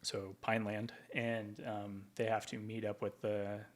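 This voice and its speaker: A man's voice: on the low side, flat delivery, unhurried. A man from Tacoma, Washington, a veteran guest in an interview, telling stories casually with plenty of ums and likes. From Tacoma, Washington, USA. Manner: rambling, with frequent ums and likes.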